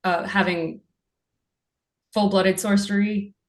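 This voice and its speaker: A woman's voice: medium pitch, steady tone, takes it slowly. A woman playing in a tabletop game, chatting casually and laughing about her character. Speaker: player.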